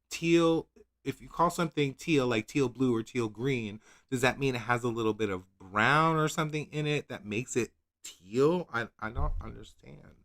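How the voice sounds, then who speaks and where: Animated, rambling man with a drawl. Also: mid-range voice. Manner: rambling, self-questioning, laughs at himself; reads product blurbs in a mock-dramatic voice. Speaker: nail polish channel host. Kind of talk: casual livestream chat.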